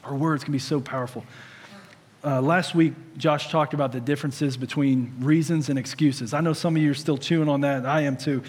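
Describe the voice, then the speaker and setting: A man's voice: a little high, fairly even intonation, fairly quick, darkish tone, big-room sound. A man in his thirties preaching a sermon in a conversational way, with humorous stories. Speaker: pastor.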